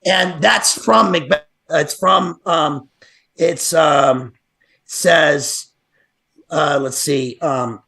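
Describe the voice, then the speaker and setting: A man's voice: on the high side, extremely slow, creaky, pushed and bright. A man talking as a guest on a livestream, analyzing literature in a rambling way, full of fillers and restarts. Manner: digressive, many fillers and restarts. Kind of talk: casual livestream discussion.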